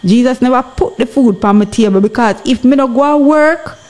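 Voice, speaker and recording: A woman with a Jamaican accent talks as a podcast guest, urging her listeners on. Her voice sits a little on the high side, and she keeps stopping to ask whether they understand. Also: brisk, darkish tone. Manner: earnest, exhorting, often asks "you understand". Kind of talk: impassioned podcast commentary.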